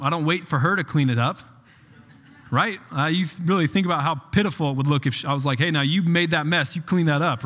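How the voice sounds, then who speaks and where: A man in his thirties preaches in a chatty, animated way, his voice sitting a touch high. His words ring out with a long church-hall reverb. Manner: animated, conversational preaching with asides to the congregation. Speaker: pastor. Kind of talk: sermon.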